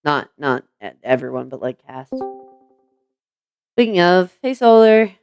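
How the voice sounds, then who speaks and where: Low-voiced chatty woman streamer. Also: sing-song, unhurried, darkish tone, soft background music. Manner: rambling, chatty, many fillers and restarts. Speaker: streamer hosting a voice chat. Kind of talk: casual live-stream chat.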